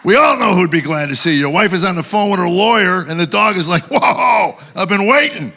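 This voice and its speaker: Gravelly yet high and sharp, this Tennessee comic moves at a quick clip through his live set at an awards show. He acts out characters' voices to land punchlines in his dry anecdotes.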